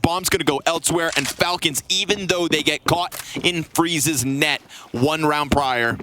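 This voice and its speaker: A man calling an esports match play-by-play, fast and rising to shouts at big plays. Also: fairly high pitch, background noise. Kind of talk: live esports commentary.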